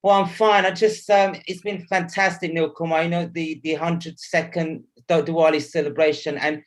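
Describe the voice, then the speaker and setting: A man's voice: a little high, little pitch movement. A young man as a guest on a video call, talking in a hesitant way with many restarts. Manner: recites poem slowly, then hesitant chat.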